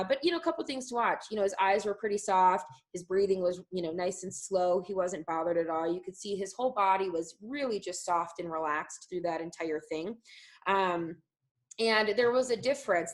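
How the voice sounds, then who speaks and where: A woman's voice: medium pitch, normal speed, poor audio. A woman dog trainer explaining a method in a live online class, talking loosely with many fillers.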